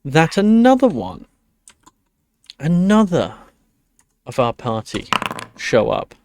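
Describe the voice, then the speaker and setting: A man acting as game master, narrating and voicing characters in a measured way. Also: on the high side, big pitch swings, a little mellow.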